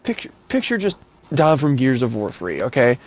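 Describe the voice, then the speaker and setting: A man's voice: medium pitch, huge pitch swings, normal speed, darkish tone, rough recording. A man telling a funny story in casual chat, laughing often and acting out quotes with a raised voice.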